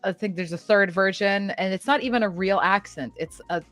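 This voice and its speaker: A woman chatting casually as a voice actress at a live signing, animated and explanatory, laughing often. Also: mid-range voice, brisk, faint music behind. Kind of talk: casual chat.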